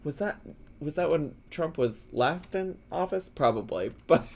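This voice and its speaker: Giggly man reacting, slow and lively. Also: fairly high pitch, creaky. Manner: giggly, playful, drawn-out asides. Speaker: reaction video host. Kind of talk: casual reaction commentary.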